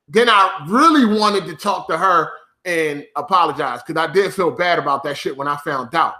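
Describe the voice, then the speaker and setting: A man's voice: high-pitched, animated, moderate pace, pushed and bright, roomy sound. A man ranting to his viewers as a gaming YouTuber, profane and mocking, often breaking into laughter.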